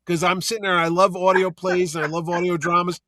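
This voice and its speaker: A man co-hosting a casual chat, animated and acting out voices in his stories. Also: high voice, fast, no room sound, clean studio sound. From Connecticut. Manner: animated, acts out voices when retelling scenes. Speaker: podcast co-host.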